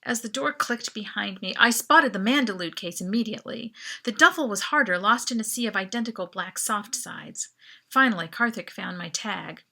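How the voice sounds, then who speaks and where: A woman author reading her own novel aloud as lively, expressive first-person narration. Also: mid-range voice, normal speed, vocal fry.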